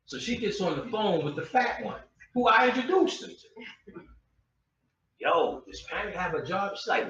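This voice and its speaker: A man telling crude comic stories to a live audience, cursing freely and laughing and shouting at his own punchlines. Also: high-pitched, sing-song, moderate pace, a little hiss or hum. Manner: heavy profanity and slang. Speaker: comedic storyteller. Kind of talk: live stand-up style storytelling. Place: lecture room with an audience. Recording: echoey room, distant lo-fi mic.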